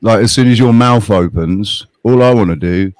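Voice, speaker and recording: A man's voice: fairly low pitch, moderate pace, darkish tone, no echo. An English-accented man on a livestream panel, mocking and swearing at another guest. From England. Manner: mocking, profane, mimics and jeers. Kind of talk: heated livestream panel chat.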